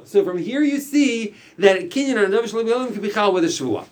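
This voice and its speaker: A man's voice: sits high, quick pace, hardly any pauses. A man teaching a small class, explaining step by step with frequent restarts. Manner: animated, explanatory, frequent restarts and Yiddish-Hebrew terms. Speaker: Torah teacher.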